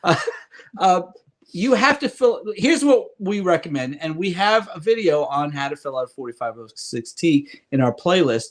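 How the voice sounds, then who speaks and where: A man's voice: on the high side, big pitch swings, moderate pace. A middle-aged man with a slight Irish accent, co-hosting a casual advice podcast from home and joking as he rambles. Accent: Irish-tinged. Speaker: podcast co-host, loan adviser.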